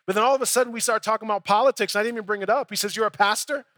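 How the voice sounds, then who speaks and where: A man's voice: high-pitched, fairly even intonation, racing, a bit bright, no echo. A young adult male pastor preaching a sermon in a conversational storytelling way, acting out both sides of his dialogues.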